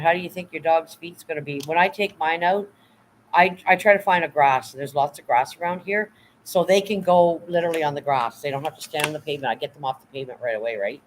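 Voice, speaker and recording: A man's voice: fairly high pitch, a little fast, slight background noise, rough recording. A tired man chatting casually on a livestream, rambling and blunt, swearing now and then while reading out chat. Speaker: vlogger reading live chat.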